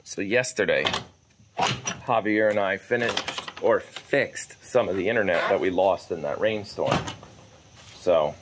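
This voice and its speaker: A man's voice: deep voice, measured pace, noisy background. A man vlogging outdoors on his farm, chatting casually to viewers while walking and calling after his dog. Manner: chatty, easygoing, calls out to a wandering dog. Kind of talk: casual rambling chat.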